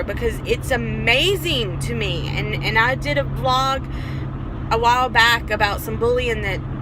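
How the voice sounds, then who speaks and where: A woman in her forties talking earnestly in a casual vlog, recorded on a phone in her car. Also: a little high. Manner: earnest, personal, rambling with restarts. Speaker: vlogger. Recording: car and road noise behind.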